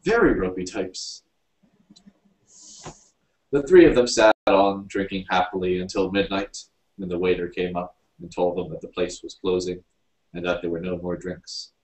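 A man reading a short story aloud, unhurried and lively. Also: sits low. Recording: roomy, from a distance.

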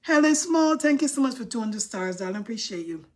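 A woman hosts a casual livestream with a slightly high-pitched voice. She chats freely, reads out viewer comments, and talks with informal dialect grammar. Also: expressive, brisk, darkish tone. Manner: chatty, dramatic mock-crying over likes. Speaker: livestream host.

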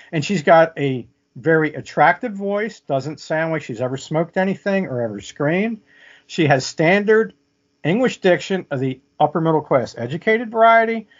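A man telling a vivid story as an interview guest, often checking in with "okay?". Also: a little high. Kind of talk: casual storytelling. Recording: muffled lo-fi audio.

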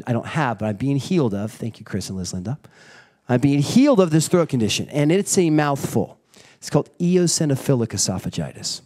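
Animated storytelling pastor, a man. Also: medium pitch. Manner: animated storytelling, acting out family members. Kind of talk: sermon.

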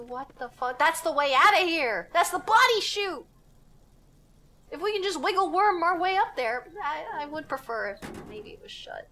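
A young woman streams a horror game live in a high-pitched, bright, forceful voice. Talking to herself, she's jittery and giggly, swearing as she plays.

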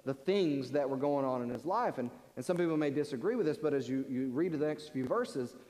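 A man's voice: mid-range voice, animated, fairly quick, mellow. A man preaching a sermon in earnest, often repeating words as he presses a point. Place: large church sanctuary. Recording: long church-hall reverb.

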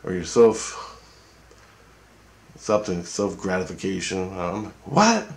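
A man's voice: low-pitched, very animated, slow pace. A man telling a long dream story in a rambling, profane way, often checking in with "okay?". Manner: profane, repetitive, keeps asking "okay?". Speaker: vlogger recounting a dream. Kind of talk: rambling casual monologue.

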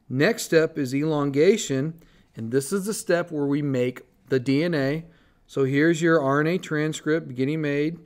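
A man teaching biology in a recorded screencast lecture, talking casually as he draws on slides and corrects his own slips. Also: on the high side.

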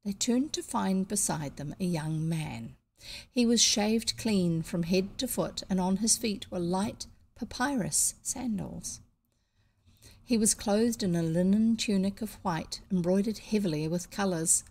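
A woman with a New Zealand accent reading a children's novel aloud, pausing to fix slips and add casual comments. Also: mid-range voice, a little mellow. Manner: unpolished, stops to correct slips and comment. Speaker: audiobook reader.

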